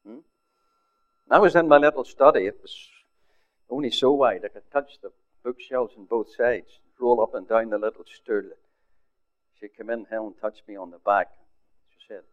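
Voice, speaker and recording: A man's voice: lowish voice, moderate pace, pauses often. Older male pastor telling a story, tinny sound. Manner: storytelling, drops to a hush for quotes. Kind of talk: sermon testimony. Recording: phone-like narrow sound.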